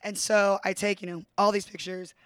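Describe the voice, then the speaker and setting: A woman's voice: mid-range voice, level tone, moderate pace, a bit bright, no echo. A woman hosting a casual chat, telling stories in a bubbly, gushing way. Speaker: show host.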